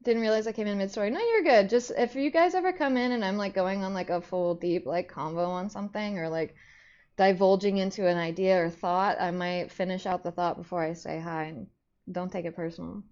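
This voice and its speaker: A woman's voice: brisk, darkish tone. A young woman streamer chatting casually to her viewers, rambling through a story with lots of filler words. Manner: bursts into high squeaky greetings to chat. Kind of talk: casual live-stream chat. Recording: slightly dull lo-fi stream audio.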